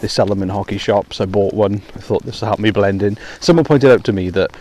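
A Welsh podcast host rambles casually with many ums and self-deprecating remarks while walking in heavy rain, using a hands-free phone headset. His voice is on the low side, fairly quick and darkish, with slight background noise.

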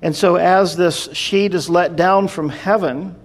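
Man preaching, chatty scripture storyteller, voice a bit high. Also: steady tone, a little slow. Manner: conversational storytelling, explaining scripture. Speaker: pastor. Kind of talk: sermon.

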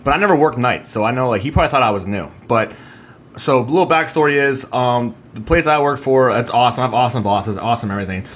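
Male podcast co-host, rapid and profane, animated storyteller, faint ambience in the background. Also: mid-range voice, a little hiss or hum. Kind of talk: casual chat.

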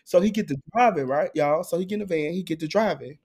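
Animated young man telling a story. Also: a little high, fast talker, few pauses. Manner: animated, profane, laughs often. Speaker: podcast host. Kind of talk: casual chat storytelling.

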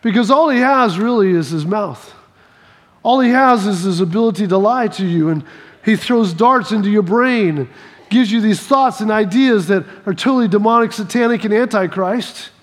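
A male preacher delivers a sermon through lively personal stories, acting out scenes and repeating key phrases for emphasis. His voice sits very high for a man. Long hall reverb trails after each line. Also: normal speed.

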